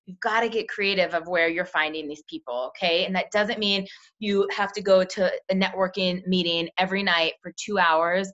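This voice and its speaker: Young woman, bright crisp voice, chatty coaching, dull lo-fi call audio. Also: fairly low pitch, fairly even intonation. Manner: chatty, acts out quick quoted dialogue. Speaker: team leader coaching sales recruits.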